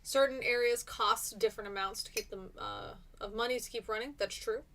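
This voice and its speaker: A woman's voice: a little high, steady tone, a little fast, bright, forceful tone. A woman teaching a live-streamed class, chatty and encouraging as she reads out and answers her students' comments.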